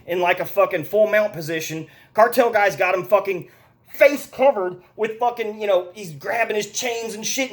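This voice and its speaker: High-voiced man ranting about a movie. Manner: profane, rambling, exasperated. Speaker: movie reviewer. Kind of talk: casual movie review rant.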